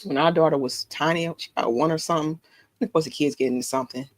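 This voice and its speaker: A woman telling a story in casual live-stream chat, animated and acting out the voices of the people in it. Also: sits low, rapid-fire, no room sound.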